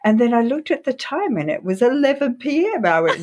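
A woman hosting a podcast interview, speaking slowly, gently and earnestly. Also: on the high side, sing-song, a little hiss or hum. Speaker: podcast host.

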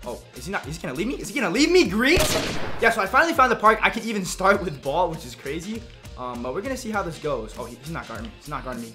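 A young man giving excitable live commentary on his own video game match, reacting loudly to each play. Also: a little high. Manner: excitable, reacts loudly to plays, frequent "yo" and "literally". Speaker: gaming YouTuber.

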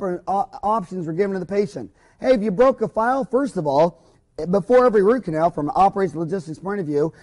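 A man with a high voice and a darkish tone, himself a dentist, addresses fellow dentists in a casual recorded lecture. His manner is folksy and emphatic, and he rambles through frequent tangents.

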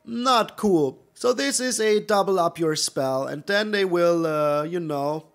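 A man's voice: high-pitched, a little slow, creaky. A man hosting a gaming channel, giving live gameplay commentary with theatrical groans and pleas at his opponent.

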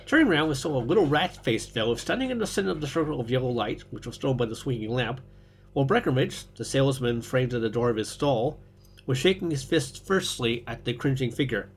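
A man reading a story aloud, steady, with occasional small slips. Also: mid-range voice, fairly quick, slight background noise. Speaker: reader.

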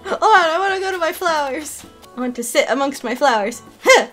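A woman streaming a video game, chatting casually, giggly and excitable, squealing when something delights her. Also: high-pitched, brisk, soft background music. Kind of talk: casual gameplay commentary.

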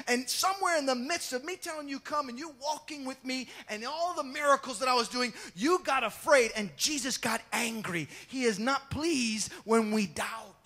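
A male pastor preaching an animated sermon, acting out Bible scenes and joking with the congregation. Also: extremely high pitch. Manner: animated, acts out the Bible scenes in quick voices and shouts; jokes with the congregation.

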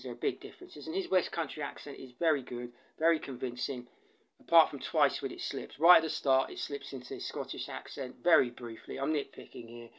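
A man's voice: mid-range voice, gravelly, fairly bright tone, lo-fi sound. An Englishman with an English accent giving a casual spoken film review, rambling and digressive, with many fillers and restarts. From England.

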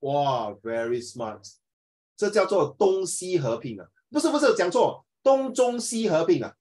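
A man leading a classroom discussion, playful and lively, mixing English with Mandarin. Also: high voice, measured pace, rough recording. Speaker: teacher.

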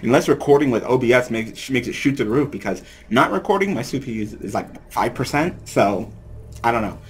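A man's voice: medium pitch, lively intonation, a little fast, a little hiss or hum. A man casually commentating his gameplay, rambling with many fillers. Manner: rambling, filler-heavy, laughs often. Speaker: let's play host.

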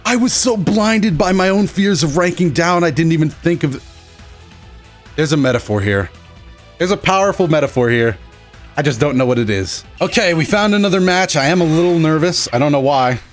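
A young man giving excitable, joking commentary over his own fighting-game matches, yelling at big moments. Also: a little high, fairly quick. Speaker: gaming channel host. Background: game music.

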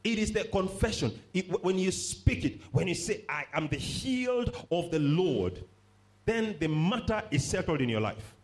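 A man's voice: high voice, big pitch swings, normal speed. A man preaching a sermon, stressing points by repeating phrases and calling on the congregation to respond.

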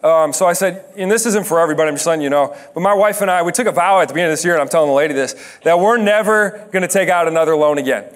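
A young man giving a chatty, joking sermon that tells a story and builds to shouted emphasis. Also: a little high, very fast, hardly any pauses. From Dutch heritage. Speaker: guest preacher.

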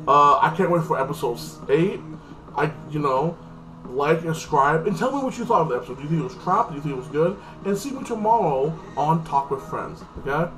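A man's voice: fairly high pitch, lively intonation, a little fast. Rambling man recapping a TV episode. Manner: rambling, filler-heavy, lots of "like". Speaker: TV episode reviewer. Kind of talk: casual spoken recap. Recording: distant mic with loud music.

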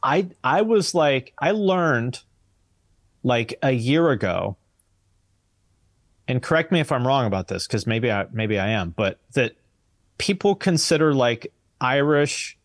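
A man's voice: medium pitch, dry recording, clean studio sound. A man with an American accent, a podcast guest in casual chat, blunt and swearing freely. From United States.

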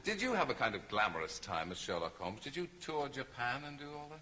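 A man hosting a TV chat show in front of a live audience, teasing his guests with quick banter. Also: mid-range voice, big pitch swings. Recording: loud studio audience and noise. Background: audience laughter.

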